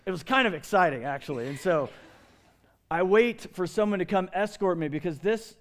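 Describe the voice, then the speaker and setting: A middle-aged pastor preaches a sermon at a normal speed, telling stories with energy and swinging widely in pitch and volume.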